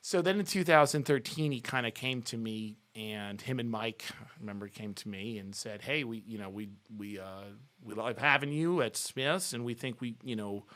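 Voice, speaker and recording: A middle-aged man talks as a podcast guest, his pitch sitting right in the middle. He tells long, loose anecdotes, often restarting his sentences and breaking into laughs as he goes. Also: moderate pace, fairly bright tone. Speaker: podcast guest, music talent buyer. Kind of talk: casual interview storytelling.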